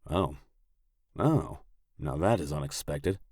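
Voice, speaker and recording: A man voicing a menacing, slick Italian crime boss in an audiobook, with a put-on Italian accent and a slow, smug, suggestive delivery. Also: very deep voice, expressive, darkish tone, husky, no echo, studio quality, full character voice. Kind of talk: audiobook character voice.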